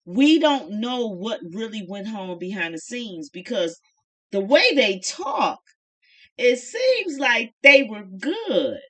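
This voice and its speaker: Woman, middle-aged, bright tone, chatty, folksy, opinionated show reviewer. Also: a little high. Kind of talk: casual chat review.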